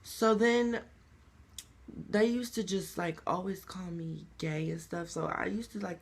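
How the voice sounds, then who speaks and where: A man's voice: sits high, steady tone, a little slow, creaky. A young man telling his story in an emotional, rambling confessional vlog. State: crying. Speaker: vlogger.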